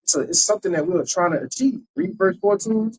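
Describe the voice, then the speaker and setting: A man's voice: sits high, quick pace, a little mellow, slight background noise, poor audio. A man teaching a Bible lesson in a loose, conversational preaching style, tagging his points with rhetorical questions. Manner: loose and conversational, tags lines with "man" and "right?".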